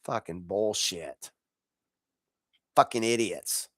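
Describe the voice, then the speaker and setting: In clean studio sound without echo, a man with a lowish, slightly bright voice speaks slowly and expressively. Hosting a podcast and congested from allergies, he rants about football in an angry, profane, exasperated way, with bursts of laughter.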